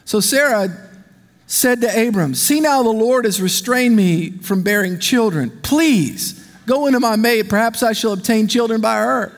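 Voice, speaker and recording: A man preaching a sermon, lively and animated, leading the congregation in call-and-response. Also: high voice, measured pace. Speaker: pastor. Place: church sanctuary. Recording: long hall reverb.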